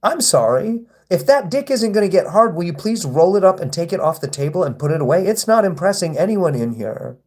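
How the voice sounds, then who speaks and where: He's a livestreamer going through chat, reading comments and answering, taunting and swearing at those heckling him. His voice sits high, expressive and a little mellow, coming a little fast with hardly any pauses.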